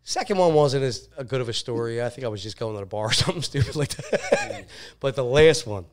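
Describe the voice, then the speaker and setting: With a mid-range voice at a slightly fast pace, this man is a podcast guest swapping casual storytelling. He recounts crude personal anecdotes animatedly, laughing frequently and cursing often.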